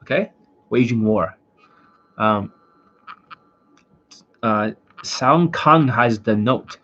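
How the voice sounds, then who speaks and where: A man's voice: medium pitch, extremely slow, pushed and bright, highs cut off. A man, a dating coach, lecturing bluntly in a casual livestream rant, swearing and repeating his points. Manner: blunt, profane, repetitive lecturing.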